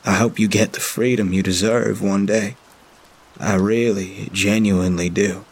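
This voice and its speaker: Sad guilty guy, voice keeps cracking, low and raspy, a man doing him. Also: steady tone. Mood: gentle. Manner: sad, halting, breaking voice. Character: guilt-ridden grown man, broken and weary.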